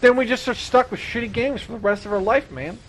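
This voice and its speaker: A young man with a high-pitched voice rants through a gaming stream. He talks in an excitable, profane rush and keeps building himself up. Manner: profane, excitable, fast rant. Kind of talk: ranting gaming stream chat.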